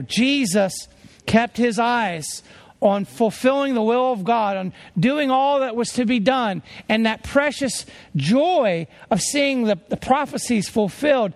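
A man's voice: extremely high pitch, vocal fry. A man preaching a sermon as a traveling preacher, earnest and emphatic as he tells stories.

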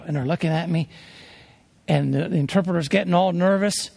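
A man's voice: a little high, brisk, vocal fry, a little mellow. A man preaching a sermon as a traveling preacher, earnest and emphatic as he tells stories.

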